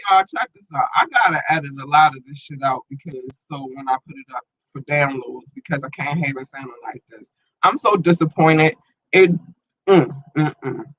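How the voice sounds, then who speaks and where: A man's voice: medium pitch, bright, forceful tone, muffled recording. A man hosting his own podcast in loose, rambling slang, filled with ums, talking through an irritated, watering eye. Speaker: podcast host. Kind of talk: casual solo podcast chat.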